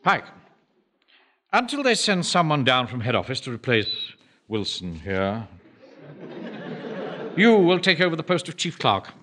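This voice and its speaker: An actor playing a pompous, self-important bank manager who also commands a volunteer platoon, speaking in a commanding manner. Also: male voice, medium pitch, big pitch swings, measured pace, pauses often, a bit bright. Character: pompous middle-aged male bank manager and platoon officer. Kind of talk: period sitcom acting.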